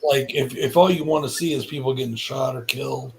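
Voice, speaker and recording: A man's voice: medium pitch, a little fast, vocal fry, slight background noise, low-quality recording. A man hosting a casual podcast chat, rambling with lots of fillers. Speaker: podcast host.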